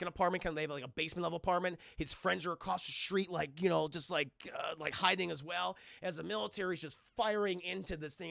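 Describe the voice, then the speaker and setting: A man with a gravelly, crackling voice, pitched high for a man, recaps a film for his live chat. He is loose and profane and keeps jumping into the characters' lines. The sound is dry and close, with no room around it. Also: dry recording. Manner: animated, profane, acts out characters' lines in quick bursts. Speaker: live streamer reviewing films. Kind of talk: casual spoiler recap on a live stream, addressing chat.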